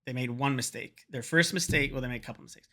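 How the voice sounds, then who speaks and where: A man's voice: mid-range voice, fast, bright, forceful tone. A man vlogging, telling a rambling, profane story in a casual chat to camera and slipping into quoted voices.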